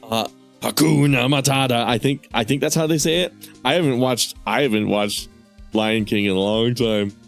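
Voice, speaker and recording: A man's voice: medium pitch, fairly even intonation, moderate pace, soft background music. Rambling, swearing man streamer. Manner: rambling, profane, laughs often. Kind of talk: casual gaming stream commentary.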